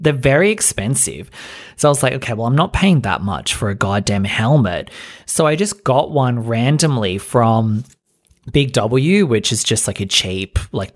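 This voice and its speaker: A young man hosting a podcast, telling a story as a casual rant, chatty and exasperated, full of fillers and swearing. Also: medium pitch. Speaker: podcast host.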